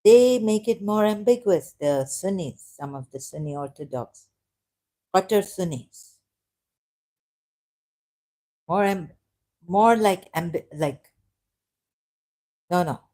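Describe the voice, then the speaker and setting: A woman's voice: on the low side, animated, measured pace, long pauses, warm tone. A woman giving casual, sarcastic commentary while reading aloud from a screen. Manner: sarcastic, mocking. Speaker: video creator.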